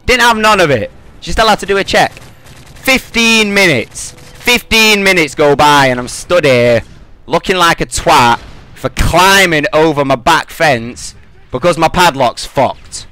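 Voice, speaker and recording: A young British man rants angrily through a gaming commentary, swearing constantly as he tells his story. His voice is bright and cutting, and it sounds close and dry, with no room around it. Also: a little high, animated, measured pace, dry recording. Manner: angry, profane storytelling. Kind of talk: game commentary rant.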